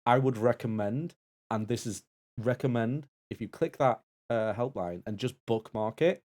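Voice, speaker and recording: A man's voice: medium pitch, moderate pace, darkish tone. A man co-hosting a charity game stream, making a heartfelt, rambling appeal with many restarts. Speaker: co-host and Taskmaster assistant.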